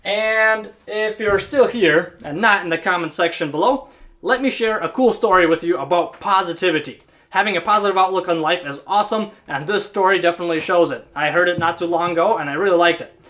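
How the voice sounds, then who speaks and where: High-voiced, brisk, bright and forceful, an HVAC technician speaks to camera as a casual channel host. He's talkative and informal, often asking "right?" to check in with viewers.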